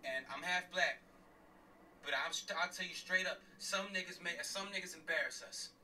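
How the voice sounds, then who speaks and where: A man's voice: high voice, moderate pace, pushed and bright, recorded from a distance, a little hiss or hum, low-quality recording. A middle-aged man, a father and former police officer, ranting angrily and bluntly while driving, swearing and repeating himself for emphasis. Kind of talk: heated livestream rant. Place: in a car, driving.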